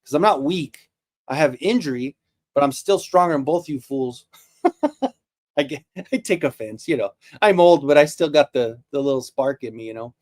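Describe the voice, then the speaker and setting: A fairly high-pitched, slightly mellow voice belongs to a toy show host in his forties, speaking expressively at a moderate pace on a live stream. The chat is casual and jokey, meandering with many restarted sentences.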